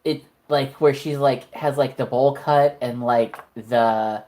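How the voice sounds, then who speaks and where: A man's voice: medium pitch, steady tone, slow, a little mellow, low-quality recording. Male game master, casual rambling narration full of fillers. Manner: rambling, heavy use of fillers.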